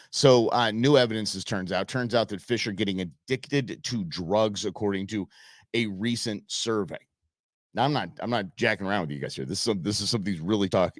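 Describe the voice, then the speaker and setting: A man's voice: low voice, no room sound, studio quality. A man hosting an outdoors talk show, chatting casually and rambling with fillers and restarts. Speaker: radio show host.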